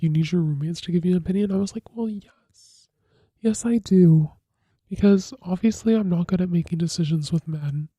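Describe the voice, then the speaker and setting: A young woman hosting a podcast, telling a casual confessional story in a chatty, filler-heavy way with sudden dramatic jumps in pitch. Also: dark tone, dry recording. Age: young adult. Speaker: podcast host.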